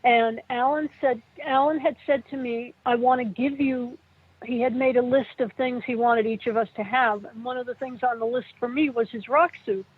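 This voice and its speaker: A middle-aged woman tells her story in a halting, emotional way, her higher voice a little husky. The sound is thin and phone-like, and the room is dry. She comes across as a guest speaking over a remote call. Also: fairly even intonation, dry recording. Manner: emotional, halting, tearful at times. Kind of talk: personal interview recollection. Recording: tinny phone-like line.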